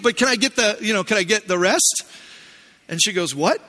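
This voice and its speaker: A middle-aged man preaching a sermon in a church, telling a personal story with playful, animated asides. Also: sits high, fairly quick, long reverb tail. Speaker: pastor.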